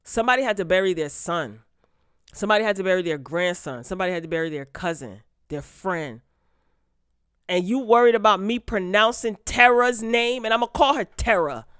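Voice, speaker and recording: Indignant woman vlogger, smooth and dry. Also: medium pitch, lively intonation, brisk, a bit bright, no room sound. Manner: blunt, indignant, rising to exasperation. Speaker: channel host. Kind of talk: casual commentary vlog.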